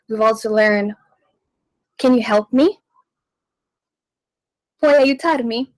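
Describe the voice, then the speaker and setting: A woman hosting a radio language lesson, teaching slowly and repeating each phrase so listeners can follow. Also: fairly high pitch, no echo, rough recording. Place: radio studio.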